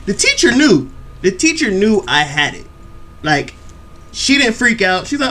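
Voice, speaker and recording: A young man telling a profane, animated story on a reaction video channel. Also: sits high, a little slow. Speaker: YouTube reaction host. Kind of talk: storytelling vlog chat.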